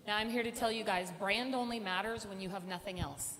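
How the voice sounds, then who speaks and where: A woman's voice: medium pitch, a little fast, fairly bright tone. A middle-aged woman speaking on stage at a conference, telling a personal story and acting out the voices of the people in it. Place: large conference hall. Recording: reverberant hall with faint room noise.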